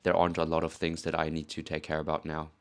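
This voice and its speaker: A powerlifter narrating his training vlog in an earnest, measured voice-over. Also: very deep voice, monotone.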